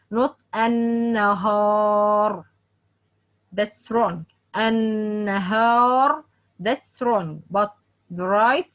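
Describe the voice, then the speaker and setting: A woman teaching Quran recitation rules in a halting way, with many fillers and restarts, slowly modelling example words again and again. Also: mid-range voice, a bit bright, husky, highs cut off. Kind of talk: online tajweed lesson.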